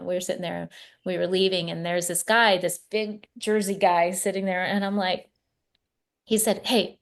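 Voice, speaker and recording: Low, gravelly-voiced woman telling stories. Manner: animated storyteller, repeats and restarts words. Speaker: podcast guest, spiritual coach. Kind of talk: casual conversation.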